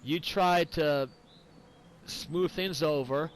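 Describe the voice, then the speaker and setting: A man's voice: on the high side, drawn-out words, poor audio. A tipsy man, rambling and swearing through casual game commentary after some whiskey. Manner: rambling and profane. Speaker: gaming commentator.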